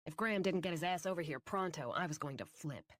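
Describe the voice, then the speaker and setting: A woman narrating a fantasy audiobook in first person, with a wry, brisk storytelling manner. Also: fairly low pitch, a bit bright.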